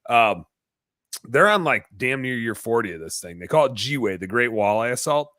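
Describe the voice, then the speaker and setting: Podcast host guy, sharp bright voice, dry close sound, deadpan teasing. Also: mid-range voice, normal speed, no room sound. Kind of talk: casual chat.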